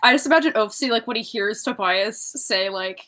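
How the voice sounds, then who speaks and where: A woman tabletop game player telling her scenes in an animated, giggly way. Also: fairly high pitch, a little fast. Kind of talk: casual play and chat.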